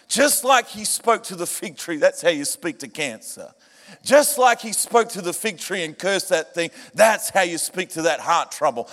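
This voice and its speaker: A man preaching a sermon to a church, animated and humorous, rising to shouts at times. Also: high-pitched. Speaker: pastor. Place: church hall. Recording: reverberant church hall with music. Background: band music.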